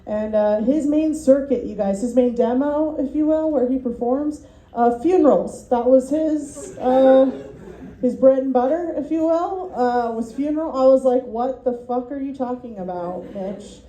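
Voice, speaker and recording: A woman's voice: high-pitched, measured pace, mellow, roomy sound, a little hiss or hum, poor audio. A woman doing a rambling, self-deprecating stand-up set at a student showcase, full of ums and little laughs, as the class's comedy teacher.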